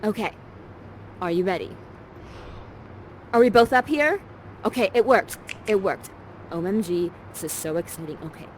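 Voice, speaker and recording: A woman's voice: medium pitch, normal speed, pauses often, a little hiss or hum. A woman actor guiding a partner through an interactive theater scene in a chatty, playful, encouraging way, from a room with the door open. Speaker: actor and guide of a live virtual theater session. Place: ground-floor rental with door open, in summer heat.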